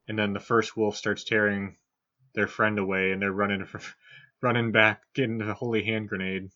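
A man's voice: lowish voice, flat delivery, normal speed, bright, forceful tone, dull audio. A man co-hosting a podcast in casual chat, joking and hedging with "like". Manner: joking, hedges with "like". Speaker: podcast co-host.

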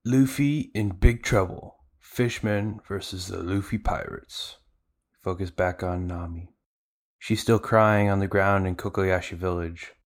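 A man's voice: low-pitched, unhurried. A male podcast host giving a casual, chatty anime episode recap with lots of fillers. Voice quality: conversational, filler-heavy, animated retelling.

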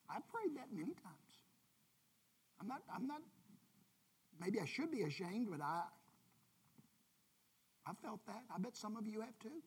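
A woman's voice: mid-range voice, big pitch swings, measured pace, pauses often, a little mellow, breathy edge. A woman leading an informal Bible lesson, speaking earnestly and directly to her class. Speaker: Bible study teacher.

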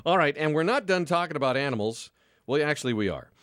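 A man's voice: fairly high pitch, fast talker, no room sound, clean studio sound. A man co-hosting a casual talk show, joking and steering the topics. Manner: relaxed, joking, leads topic changes. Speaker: radio show co-host. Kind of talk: casual morning-show banter.

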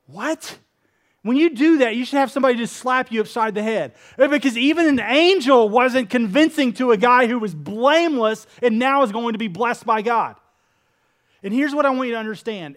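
A man's voice: extremely high pitch, unhurried. A male pastor preaching a sermon in a casual, conversational way, often acting out the people he quotes. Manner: casual, animated preaching with many fillers; acts out quoted speakers with shifts in voice.

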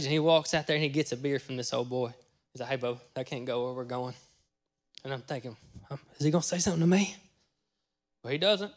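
A pastor with a slightly high voice preaches a testimony sermon, recounting his story in a folksy manner. He acts out his own words, breaking into sudden loud bursts.

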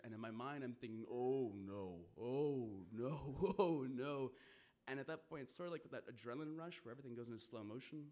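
A man telling a vivid first-person story to an audience, swearing and laughing now and then. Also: medium pitch.

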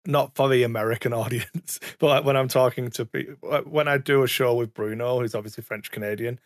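A man's voice: mid-range voice, steady tone, a little fast, no echo, studio quality. A man chatting casually as a podcast co-host, rambling and self-correcting, with the odd swear word. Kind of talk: casual chat. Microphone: studio mic, sometimes too far from it.

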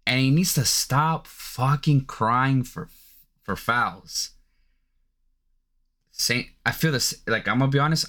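Man, podcast host, slow deliberate delivery, cursing, incredulous sports rant. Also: mid-range voice. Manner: profane, animated, incredulous ranting.

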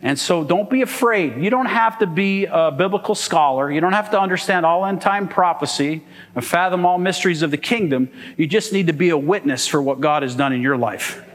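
A man's voice: fairly high pitch, brisk. A man preaching a sermon to his church, emphatic and asking the congregation "amen?". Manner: emphatic, call-and-response, asks "amen?". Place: church hall. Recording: long hall reverb.

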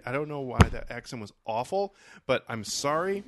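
Lively, laughing man reviewing films. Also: mid-range voice, no room sound, clean studio sound. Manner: animated, profane, quick to laugh. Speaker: podcast film reviewer. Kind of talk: casual chat.

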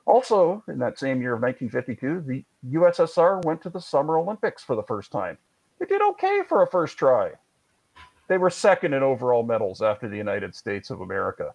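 A man's voice: mid-range voice, animated, quick pace, gravelly, hardly any pauses, a little mellow, lo-fi sound. A man hosting a podcast, telling sports history in a chatty, wry way with jokey asides. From Canada. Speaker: podcast host. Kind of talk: conversational history storytelling.

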